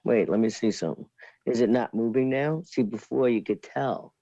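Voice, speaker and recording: A woman's voice: rumbling low, moderate pace, mellow, no echo, dull audio. A middle-aged woman chatting casually as co-host, making dry, teasing wisecracks. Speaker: co-host, host's mother. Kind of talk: casual chat.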